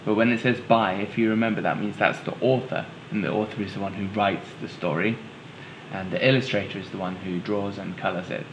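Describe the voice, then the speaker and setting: A man's voice: on the low side, fairly even intonation, a little fast, background noise. A man, a teacher, reading a children's storybook aloud and patiently explaining it to young listeners.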